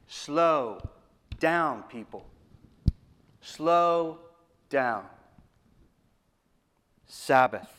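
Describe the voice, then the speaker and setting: Male preacher, fairly high pitch, emphatic and repetitive with sudden hushed drops. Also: smooth. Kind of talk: sermon.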